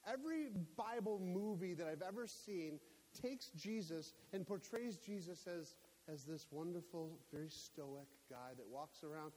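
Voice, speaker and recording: A man preaching a sermon in a church, emphatic and climbing to near-shouts on his key points. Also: sits high, unhurried. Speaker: pastor. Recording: echoey hall with faint hiss.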